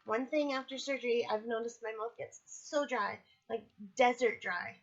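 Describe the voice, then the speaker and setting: A woman's voice: on the high side, moderate pace, muffled recording. A woman casually talking through a personal video diary at home, candid and chatty, still sore from surgery. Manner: chatty, candid, apologetic asides. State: recovering from surgery, in pain. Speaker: vlogger. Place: at home, indoors.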